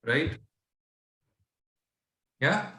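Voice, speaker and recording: A male tutor with an Indian English accent patiently explains fractions, mixing English and Hindi and often asking questions to check that his student is following. He draws out his words in a sharp tone, and the recording sounds roomy.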